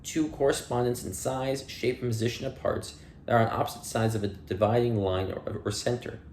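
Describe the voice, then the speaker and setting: Male reader, mid-pitched, dry and plain, reads dictionary entries in a reverberant room. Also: brisk, a little mellow, slight background noise. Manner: plain reading with dry asides and playful slips. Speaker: audiobook reader. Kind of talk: reading dictionary entries aloud.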